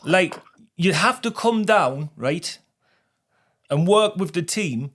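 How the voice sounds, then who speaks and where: A man's voice: high voice, expressive, slow pace, fairly bright tone, slight background noise. A man hosting a podcast, playing a straight-faced fake recruiter in a teasing prank phone call. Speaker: podcast host. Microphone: podcast studio mic.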